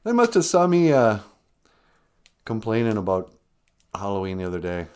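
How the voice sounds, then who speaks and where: A man hosting a comedic live stream, joking with viewers, laughing often and making deadpan asides. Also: lowish voice, moderate pace, clean tone. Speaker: host.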